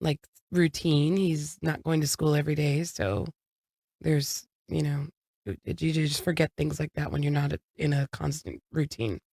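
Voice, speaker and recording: A woman's voice: low-pitched, steady tone, normal speed, vocal fry, mellow, husky, no echo, clean studio sound. A woman in her thirties co-hosting a podcast, telling a family story in a frank, casual way and swearing now and then. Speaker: podcast co-host. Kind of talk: casual chat.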